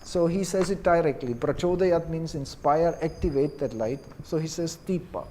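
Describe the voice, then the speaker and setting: A man teaching Vedic chanting who explains gently and drops in many "you see" asides. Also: on the high side, normal speed, a little hiss or hum.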